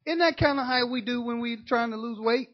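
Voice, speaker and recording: A woman preaching a sermon, impassioned and teasing her congregation, rising to shouts. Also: a little high, fairly quick. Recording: dull lo-fi recording.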